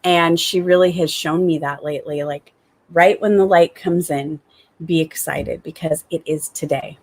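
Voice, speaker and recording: A woman talking to her viewers in an upbeat, enthusiastic gratitude vlog, returning again and again to the same warm phrases. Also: sits low, steady tone, moderate pace. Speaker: spiritual coach.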